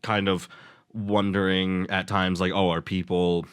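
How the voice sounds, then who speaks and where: Man, podcast co-host, low voice, dry recording, casual rambling, lots of fillers. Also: level tone, a little slow, clear, resonant tone, dry recording. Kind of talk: casual chat.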